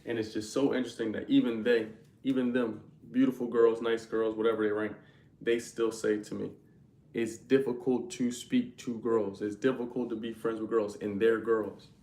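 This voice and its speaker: A man's voice: on the low side, level tone, moderate pace, mellow, roomy sound. A young man hosting a livestream, talking loosely and slangily straight to his viewers' chat. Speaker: livestream host.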